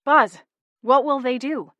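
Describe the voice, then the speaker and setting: A woman voicing a bold, quick-witted young witch who talks in a brisk, commanding way. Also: high voice, no room sound, lo-fi sound, voice pushed up. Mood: demanding.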